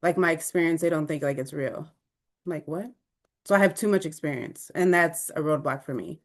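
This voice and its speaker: Brief: lower-pitched woman co-presenter, animated and conversational, video-call audio. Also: brisk. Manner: animated, conversational, reacts openly. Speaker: webinar co-presenter. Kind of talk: live online presentation discussion.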